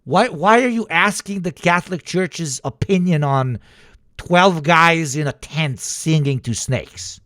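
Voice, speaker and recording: A man's voice: on the high side, unhurried, a bit bright, dry recording, clean studio sound. A man streaming, ranting in a profane, sarcastic way and slipping into mock voices. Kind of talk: casual livestream commentary.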